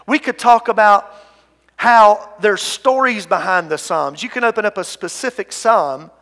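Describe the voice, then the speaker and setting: A male pastor preaching a sermon, earnest, swinging between hushed and loud delivery and often repeating words. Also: sits high, measured pace. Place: church sanctuary. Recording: long reverb of a large hall.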